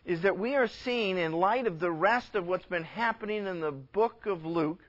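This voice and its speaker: A man preaching with a high, light voice, telling a story and slipping into the voices of its people as he goes. The sound is a bit dull and lo-fi. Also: normal speed. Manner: animated storytelling, acting out characters' lines. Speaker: pastor. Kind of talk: sermon.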